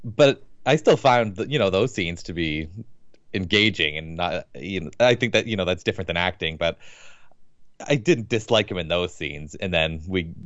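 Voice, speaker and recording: A man with a very deep voice weighs his thoughts on a movie in a casual chat. He pauses often and hedges with fillers. The sound is muffled, dry and a little lo-fi. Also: lively intonation, a bit bright, no room sound. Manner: measured, hesitant, many fillers. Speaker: podcast co-host. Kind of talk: casual film review chat.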